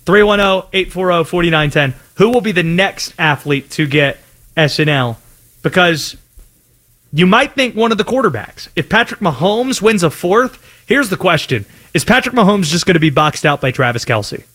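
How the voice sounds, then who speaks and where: Man, sports radio host, fairly high voice, animated, quick asides, taking calls.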